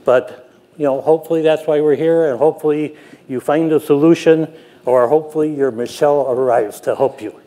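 An older man, a production manager, telling a self-deprecating story with frequent halting restarts. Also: fairly high pitch, mellow. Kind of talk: anecdotal storytelling talk.

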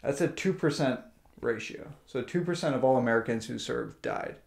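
A man's voice: medium pitch, normal speed, vocal fry, echoey room. A man co-hosting a podcast, playful and teasing, reeling off stats and jokes in casual chat. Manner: playful, teasing, speeds up when excited. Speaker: podcast co-host.

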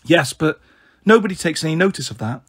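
A man's voice: fairly high pitch, expressive, a little fast, husky. A man reading aloud and voicing an upset thirteen-year-old girl who talks hesitantly and tearfully. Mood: troubled. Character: upset teenage girl, anxious and pressured.

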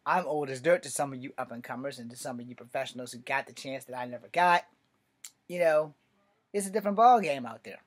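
A man in his late forties telling a story and ranting about martial arts training, blunt and full of swearing, dropping to low mutters and then bursting out loud. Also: fast. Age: 40s. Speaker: martial arts video maker. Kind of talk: profane storytelling rant.

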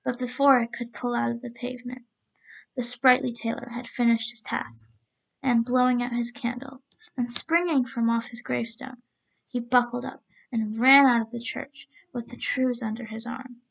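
A woman reading a storybook aloud as a storyteller, in a steady, even-paced read-aloud manner, on a dull lo-fi recording. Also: on the high side, moderate pace, vocal fry.

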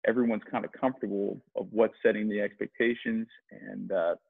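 A lowish, husky male voice comes through a thin, phone-like line with a dry sound. He is a sales rep guest on a podcast interview. He rambles, restarting his sentences as he thinks aloud. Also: fairly even intonation, brisk, dry recording. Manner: rambling, many restarts and fillers. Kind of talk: conversational interview.

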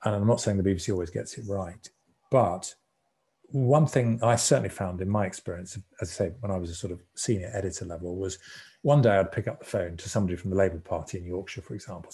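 Man in his 60s, low mellow voice, relaxed storyteller at a society talk. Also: fast. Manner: conversational storyteller, relaxed and reflective. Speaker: guest speaker, former broadcasting executive. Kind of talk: anecdotal public talk.

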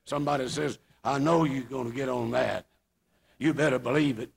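An older man preaching a revival sermon in a folksy way, rising into shouts. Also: medium pitch, fairly even intonation, normal speed, gravelly, slightly rough.

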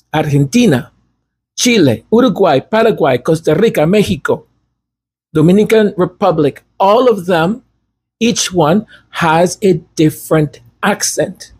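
A man's voice: a little high, a little mellow, breathy edge. A man whose first language is Spanish, hosting a casual, rambling commentary monologue with self-deprecating asides. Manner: chatty, digressive, self-deprecating. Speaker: commentary channel host.

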